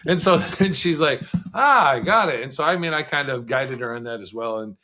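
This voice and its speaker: A man's voice: mid-range voice, expressive, pushed and bright, a little hiss or hum. Frank man telling his life story. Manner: frank and conversational, with quick bursts and laughs. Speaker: podcast guest, author. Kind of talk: candid storytelling interview.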